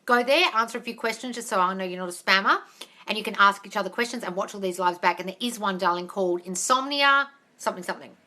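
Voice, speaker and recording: Woman, bright voice, blunt and brisk, swears a lot, live-stream coach chat. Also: medium pitch. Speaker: manifestation coach hosting a live Q&A.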